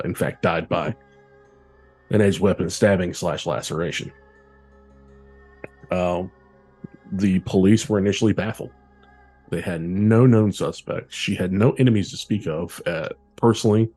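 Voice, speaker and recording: A man co-hosting a podcast, telling a true-crime case in a relaxed, casual way with frequent fillers. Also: low voice, normal speed, pauses often, husky, faint music behind. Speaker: podcast co-host.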